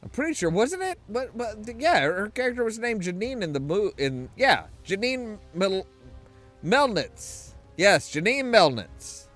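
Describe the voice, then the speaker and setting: A man's voice: high-pitched, sing-song, measured pace, a bit bright, faint music behind. A man casually commenting while playing a game, rambling with frequent restarts. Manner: rambling, many restarts and swears. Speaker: game streamer. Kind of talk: casual let's-play commentary.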